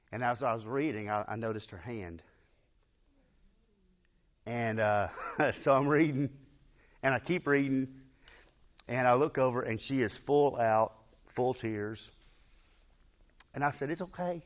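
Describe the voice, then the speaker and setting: A man at a middle pitch tells an emotional story to a church Bible class, talking earnestly and plainly. The recording is dull and lo-fi, from a church classroom.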